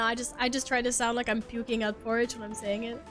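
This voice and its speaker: A woman's voice: fairly high pitch, level tone, fast, fairly bright tone, faint music behind. A young woman streaming a game, chatting to her viewers in a playful, self-mocking way, laughing and swearing casually as she plays. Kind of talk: casual live-stream chat while gaming.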